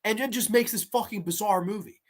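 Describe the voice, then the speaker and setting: Male streamer, casual horror-review host, swears freely, excitable, banters with chat. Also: high voice, fairly quick. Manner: profane, excitable, reacts to chat. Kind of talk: casual livestream commentary.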